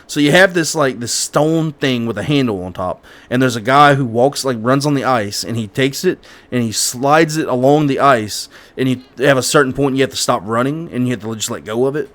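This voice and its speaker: Young male stream host, casual and rambling, restarts sentences often and stammers now and then; plain mid-pitched voice. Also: a little fast, few pauses, fairly bright tone. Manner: rambling, self-correcting with frequent restarts; stammers at times. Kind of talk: casual chat while gaming.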